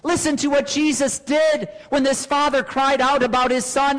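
A man's voice: extremely high pitch, steady tone, normal speed, a bit bright, long reverb tail, poor audio. A man preaching a sermon as pastor, earnest and full of rhetorical questions.

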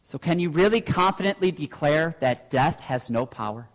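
A man's voice: on the high side, animated, moderate pace, long reverb tail, poor audio. A man preaching a sermon as pastor, earnest and full of rhetorical questions.

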